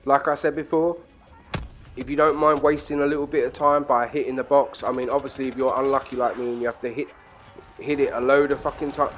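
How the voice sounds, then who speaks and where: A man's voice: mid-range voice, a little fast. Crude man commentating a game. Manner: crude, excitable banter with sudden shouts. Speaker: gaming channel host. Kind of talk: profane casual gameplay commentary.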